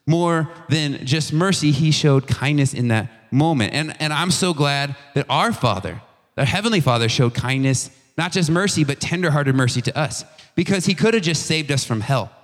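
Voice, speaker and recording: A young man preaches to a youth group in a chatty, animated way, full of slang and quick restarts. His voice sits a little high for a man. The sound rings with a long reverb, as in a church hall. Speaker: youth pastor. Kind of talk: casual youth sermon.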